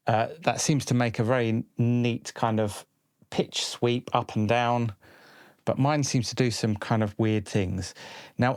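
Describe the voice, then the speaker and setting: Relaxed man thinking aloud. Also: medium pitch, no room sound. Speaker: electronics video host. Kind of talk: casual hands-on explanation. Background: synth tones playing.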